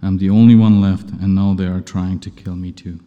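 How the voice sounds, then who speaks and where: A man's voice: sits low, level tone, moderate pace, lo-fi sound. A man preaching and reading scripture aloud, talking in a conversational, self-deprecating way to his congregation in a church. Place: church hall. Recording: long reverb of a large hall.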